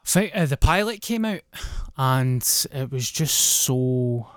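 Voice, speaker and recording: A man's voice: mid-range voice, expressive, takes it slowly, clean tone, no room sound, studio quality. A Scottish man, a guest comedian, telling blunt, plain-spoken stories in casual chat. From Scotland.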